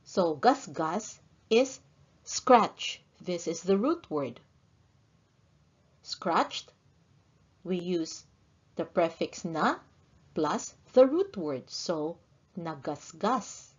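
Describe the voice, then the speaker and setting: Woman teacher reading a lesson real slow, word by word, kinda dull lo-fi sound. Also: fairly low pitch, animated, breathy edge. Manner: slow, deliberate, reads each word pair in turn. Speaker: language teacher. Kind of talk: scripted lesson narration.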